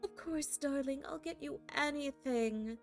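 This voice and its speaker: A woman reading a visual novel aloud, voicing a sweetly manipulative female nurse in a soft, hushed tone. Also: sits high, measured pace, vocal fry, faint music behind. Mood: sweetly cutting.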